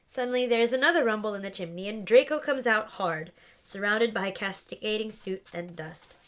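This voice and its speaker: A woman's voice: mid-range voice, moderate pace. A woman reading a stage play aloud, saying the stage directions and the character names and giving each character a voice. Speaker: reader. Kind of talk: audiobook-style reading of a play script.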